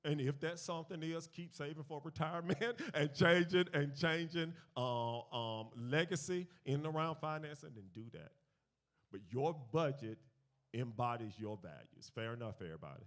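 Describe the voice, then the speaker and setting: A man with a slightly high voice speaking at normal speed teaches a finance sermon at a church gathering. Telling stories with animation, he goes from quiet to loud, leads call-and-response, and repeats key phrases.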